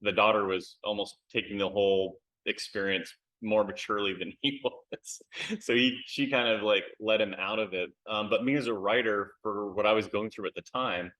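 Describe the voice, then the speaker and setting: American guy, lowish bright voice, chatty and candid, lots of ums, video call interview. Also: steady tone, moderate pace, few pauses, low-quality recording. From United States. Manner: candid, lots of fillers and repeated words. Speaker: author, interview guest. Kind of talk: casual interview chat.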